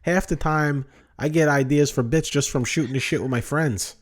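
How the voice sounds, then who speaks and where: A man's voice: fairly high pitch, moderate pace. A man with a New Jersey accent, co-hosting a podcast as a comedian in casual chat, rambling, restarting sentences and swearing casually.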